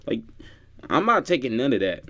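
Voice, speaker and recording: A young man reacting to a clip, muttering remarks under his breath and then pleading loudly at the screen. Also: mid-range voice, big pitch swings, moderate pace, slight background noise. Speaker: reaction streamer. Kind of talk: reaction commentary.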